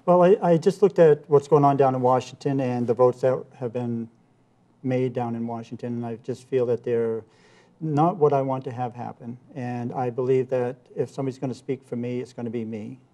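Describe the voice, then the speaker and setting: A congressional candidate appearing as a guest answers interview questions earnestly, repeating himself, restarting sometimes, and sticking to campaign talking points. His mid-range voice is mellow, with fairly even intonation and a moderate pace.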